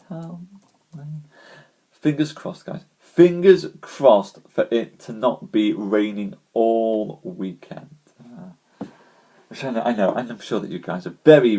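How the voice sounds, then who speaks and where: A man with a scratchy, hoarse throat, chatting casually with live-stream viewers before telling a story, greeting them by name and calling them ladies and gents. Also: mid-range voice, mellow.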